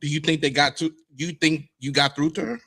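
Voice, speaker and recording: A man's voice: a little high, steady tone, fairly quick, vocal fry, pushed and bright. A man hosting a casual live chat, reacting to a guest's story with short replies and laughter. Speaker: host.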